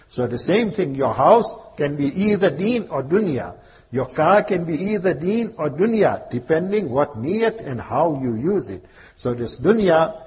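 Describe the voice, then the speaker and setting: A man giving a slow, emphatic religious talk in English, mixing in Urdu verse and Arabic terms. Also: a little high, breathy edge. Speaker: Islamic preacher. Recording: dull reverberant hall recording with faint hiss.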